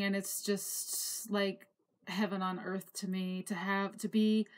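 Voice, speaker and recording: Woman telling her life story. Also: mid-range voice. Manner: reflective, emotional, with laughs and sighs. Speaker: memoir narrator. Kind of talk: personal life story told to camera.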